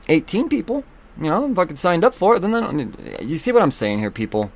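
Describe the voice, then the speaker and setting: A man hosting a solo podcast, talking loosely and excitably, swearing often and filling gaps with ums and uhs. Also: fairly high pitch, brisk. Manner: loose, profane and excitable, with many fillers. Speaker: podcast host. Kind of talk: casual solo podcast talk.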